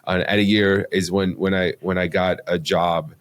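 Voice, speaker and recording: Guest voice: middle-aged man, deep-pitched, loose storytelling full of fillers and restarts. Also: fairly even intonation, moderate pace. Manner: rambling, many restarts and fillers. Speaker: podcast guest. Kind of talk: casual storytelling interview.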